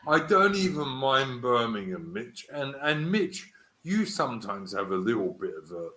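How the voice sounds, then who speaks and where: A Cockney man hosting a casual online panel, his bright voice swinging up and down. He is blunt and opinionated and often talks over his guests. The room sounds echoey. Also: medium pitch, sing-song, normal speed. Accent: London Cockney. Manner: opinionated, interrupts. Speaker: host.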